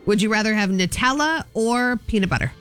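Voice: mid-range voice, expressive, a little fast, a bit bright, smooth, soft background music. A radio morning show co-host asking callers playful game questions in a teasing way. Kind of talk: upbeat radio call-in game. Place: radio studio.

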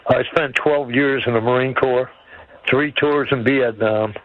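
Calling a radio show by phone, a blunt, folksy man in his seventies talks unhurriedly in a mid-range voice with fairly even intonation. The line sounds dull and the recording is dry.

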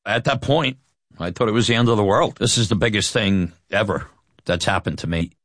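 A man telling a personal story, animated and self-deprecating, laughing as he goes. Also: lowish voice, a little fast, no room sound, clean studio sound. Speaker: storyteller recounting his youth.

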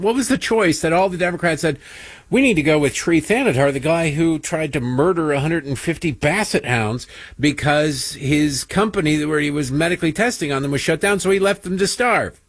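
Man, political commentary, mocking tone, slightly raised pitch, husky, dry sound. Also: no room sound. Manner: mocking, mimics people in high silly voices. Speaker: political talk show host. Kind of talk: sarcastic commentary over played clips.

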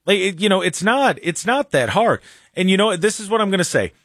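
A male radio host chats in a casual, halting way and often starts his sentences over. His pitch rises and falls in a lively way. The studio mic sounds close and dry. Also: dry recording. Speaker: radio talk show host. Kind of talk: casual talk show banter. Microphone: studio microphone.

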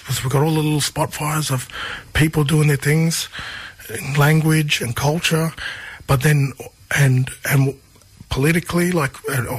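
An Australian man, a musician guest, telling stories in a relaxed conversational way, often restarting and repeating phrases. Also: fairly high pitch, slightly rough.

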